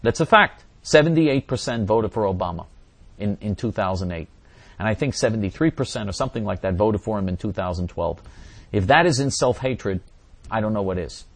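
A man's voice: on the low side, expressive, a little fast. A man hosting a show where he reads forum questions and answers them at length, repeating and restarting words, with heated, emphatic remarks. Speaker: host answering viewer questions.

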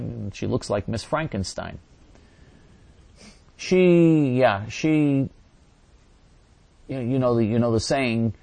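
Sarcastic rambling male talk show host. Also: medium pitch. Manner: rambling, with many restarts and sarcastic asides. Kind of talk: reading and answering listener messages.

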